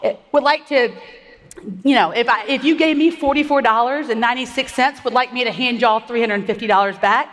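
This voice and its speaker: A woman with a high, bright-sounding voice delivers an energetic stage presentation, talking quickly and firing questions at the crowd. She sounds slightly out of breath. Her voice rings with long reverb from a large event hall. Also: a little hiss or hum. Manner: fast, upbeat, rallies the audience with questions. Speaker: conference speaker.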